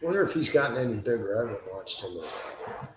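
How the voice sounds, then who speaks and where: A man's voice: on the low side, big pitch swings, fast, reverberant, a little hiss or hum, poor audio. A man streaming, casually and bluntly commenting on clips and thanking donors. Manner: blunt, dismissive.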